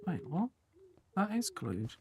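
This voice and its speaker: A man's voice: fairly high pitch, wildly swooping pitch, slow, darkish tone. A man streaming a building game, talking casually and thinking aloud to himself as he works. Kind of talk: casual live game commentary.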